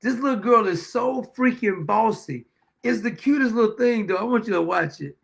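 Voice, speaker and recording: A man's voice: sits high, animated, moderate pace, creaky. A man in his fifties hosting a show, telling folksy anecdotes in a casual monologue, chuckling often and repeating phrases for emphasis. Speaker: show host.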